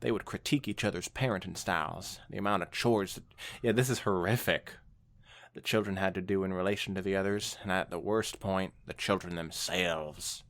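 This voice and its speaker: A man's voice: low voice, fairly even intonation, normal speed, a bit bright. A man co-hosting a podcast, reading fan fiction aloud with dramatic narration and frequent laughter. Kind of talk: casual comedic reading and chat.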